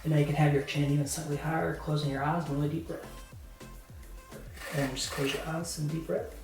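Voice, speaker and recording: A woman with a Southern American accent speaks in a low, level voice at a slightly fast clip, coaching poses at a boudoir photo shoot in an upbeat, chatty way full of fillers. She's in a roomy indoor photo studio, recorded from a distance in an echoey room with faint music.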